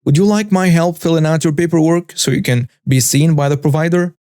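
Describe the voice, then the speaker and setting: A man voicing a calm, courteous female clinic receptionist. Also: a little high, a little fast, no echo, clean studio sound, lightly acted. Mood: polite.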